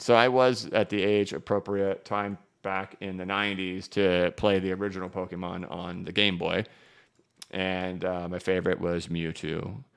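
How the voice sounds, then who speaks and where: A crypto livestream host in his thirties speaks in a low, gravelly voice with a clean tone. On his casual stream he's chatty and joking, reading viewer comments and walking through charts.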